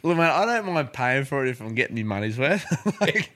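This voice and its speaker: A man's voice: medium pitch, brisk. A young Australian man, married, chatting casually as a podcast host, swearing often and laughing through his stories. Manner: swears a lot, laughs often, lively storytelling. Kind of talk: casual chat.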